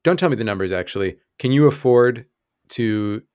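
A man's voice: mid-range voice, expressive, moderate pace, darkish tone, clean tone, no room sound, studio quality. A man narrating as game master of a tabletop game, explaining rules patiently and steering the scene.

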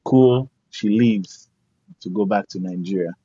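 A man's voice: lowish voice, a little slow, breathy edge, dry recording. A man, a guest artist, telling a story casually and acting out the people in it. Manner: animated, acts out quoted voices. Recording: dull lo-fi recording.

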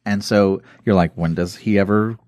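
A man in casual conversation, retelling Bible stories with lively acted-out quotes. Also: fairly low pitch, moderate pace, no room sound. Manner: animated storytelling, acts out quoted voices.

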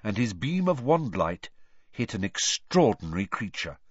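Man reading a story, lively and dramatic. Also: on the low side, moderate pace, slightly rough, muffled recording. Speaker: audiobook reader. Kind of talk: storybook narration.

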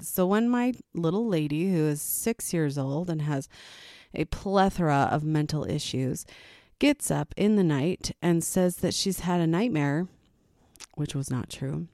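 Tired low-voiced woman telling a story. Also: warm tone, dry recording, studio quality. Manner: rambling, self-mocking, laughs between lines. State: tired from a sleepless night. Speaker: podcast host. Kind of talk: casual storytelling monologue.

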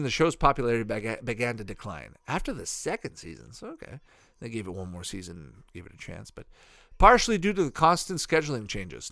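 A man rambles through a cartoon review with a lively, swinging delivery, dropping swear words and mocking asides as he goes. His voice sounds close and dry, with no room around it. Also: mid-range voice, dry recording. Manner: profane and offhand, mocking asides. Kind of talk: casual rambling watch-along commentary.

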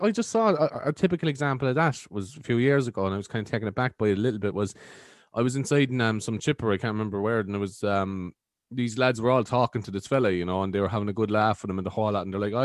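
A man's voice: mid-range voice, no echo, studio quality. A young Irish man chatting on a podcast in a laid-back, chatty way, swearing casually. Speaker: podcast guest. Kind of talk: casual chat.

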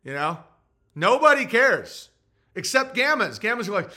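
Brash male streamer in a rambling, mocking monologue over viewer chat. His voice sits a little high and rings bright and forceful. He jumps between topics and drops into mock voices. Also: very animated, normal speed. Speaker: podcast host. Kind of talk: livestream monologue reading chat.

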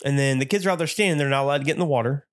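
A man's voice: medium pitch, racing. A man co-hosting a casual chat show, telling stories with lots of laughter and acted-out quotes. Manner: animated storyteller, laughs often, acts out quotes. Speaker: podcast co-host.

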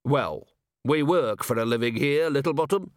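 A man voicing a weary, blunt watch commander with a dry, deadpan manner, in an audiobook reading. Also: medium pitch, normal speed, no room sound, close to an everyday voice. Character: weary gruff middle-aged male city watch commander. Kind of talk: audiobook character voice.

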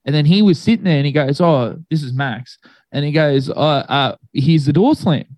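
A man's voice: a little high, expressive, normal speed, darkish tone, no room sound. A young man telling a long story in casual chat, rambling and laid-back with many fillers.

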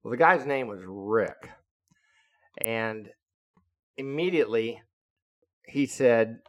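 A man in his seventies, a retired naval officer, telling a story in an indignant, deliberate, lecturing way. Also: lowish voice, lively intonation, fairly bright tone, dull audio. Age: 70s. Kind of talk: casual storytelling monologue.

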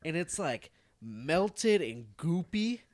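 A man's voice: a little high, sing-song, takes it slowly, a little mellow, dry recording. A man casually telling a story to friends on a podcast, rambling, swearing and laughing. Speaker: podcast co-host.

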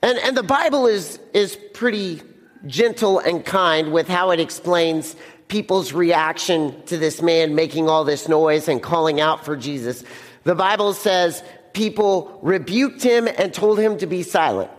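A man's voice: a little high, a little slow, big-room sound. A young man preaching a casual sermon to teenagers as a youth pastor, often repeating words and acting out the scene.

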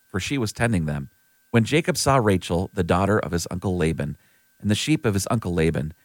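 A man giving a clear, steady scripted reading of scripture. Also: deep voice, dry recording. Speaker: scripture reader.

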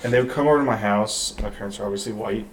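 A man in his thirties from Detroit, a podcast guest chatting casually with many halting restarts. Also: fairly low pitch, recorded from a distance. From Detroit, USA. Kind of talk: casual chat. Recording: off-mic with faint background noise.

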